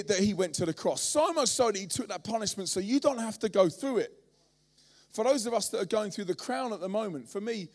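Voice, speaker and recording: Animated preacher in his forties. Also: sits high. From London, England. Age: 40s. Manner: animated storytelling, acting out voices. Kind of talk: sermon.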